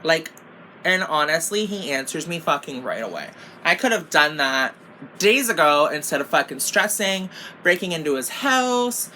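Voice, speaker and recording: A woman's voice: low-pitched, sing-song, moderate pace, sharp tone, a little hiss or hum. A young woman telling a storytime while doing her makeup, casual and exasperated, swearing constantly and saying "like" a lot. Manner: profane, exasperated and rambling, lots of "like". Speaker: beauty vlogger.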